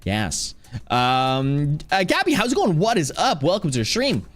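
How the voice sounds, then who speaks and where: A man chatting casually on a livestream, rambling playfully, reading chat aloud and now and then breaking into loud, excited shouts. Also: fairly high pitch, a little slow. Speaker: streamer. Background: faint background music.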